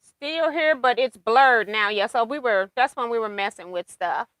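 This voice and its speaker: A woman's voice: fairly high pitch, moderate pace, a bit bright, no room sound. A woman hosting a casual quilting livestream, chatting and laughing as she reads viewer comments aloud.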